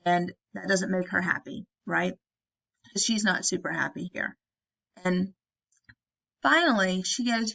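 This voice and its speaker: Brief: chatty woman teacher in a casual classroom retelling, gravelly voice, dull lo-fi recording. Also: fairly low pitch, unhurried, long pauses, fairly bright tone. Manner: chatty, tags statements with "right?".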